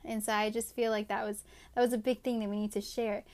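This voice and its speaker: A young woman tells a personal story in a loose, chatty way, full of "like" and "right?". Her voice sits at a middle pitch for a woman. She talks to listeners as a podcast host sharing faith and encouragement. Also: level tone, fast talker, darkish tone. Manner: chatty, many fillers like "like" and "right?". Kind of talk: casual faith-based storytelling.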